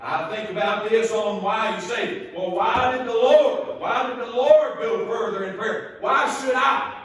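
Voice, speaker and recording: High-voiced Southern preacher in echoey church. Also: male voice, fairly bright tone, far from the mic. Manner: slow, emphatic, repeats key phrases. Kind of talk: sermon. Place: church sanctuary.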